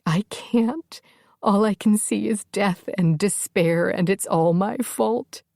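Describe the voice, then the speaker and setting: A woman narrator voicing a panicked, tearful young warrior woman, pitched up and pleading in an audiobook. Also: steady tone, slow pace, creaky, dry recording, clean studio sound. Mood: distraught. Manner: distraught, sobbing, self-blaming.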